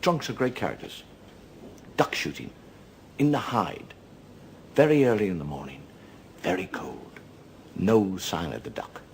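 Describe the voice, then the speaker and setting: A man with an Irish accent telling rambling drunk jokes as a seated stand-up comedian, slipping into squeaky character voices. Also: big pitch swings, measured pace, pauses often. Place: television studio with live audience. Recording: audience laughter, noisy broadcast recording.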